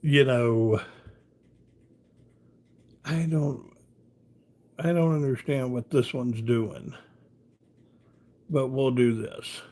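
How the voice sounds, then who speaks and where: A man's voice: mid-range voice, steady tone, very slow, pauses often, a little mellow. Rambling man chatting on a live stream. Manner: rambling storyteller, leans on "you know". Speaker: live-stream host reading viewer comments. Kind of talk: casual live-stream chat.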